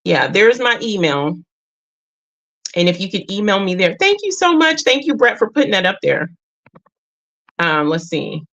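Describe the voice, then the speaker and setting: A woman's voice: mid-range voice, very animated, normal speed, pauses often, a bit bright. A middle-aged woman hosting a casual livestream. She talks straight to her viewers, earnest and emotional. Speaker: livestream host.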